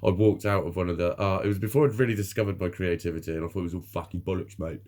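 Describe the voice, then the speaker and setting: A man's voice: low-pitched, steady tone, racing, darkish tone. A middle-aged man, talking candidly to camera in a rambling, sweary way, laughing often. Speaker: vlogger. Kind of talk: candid personal monologue.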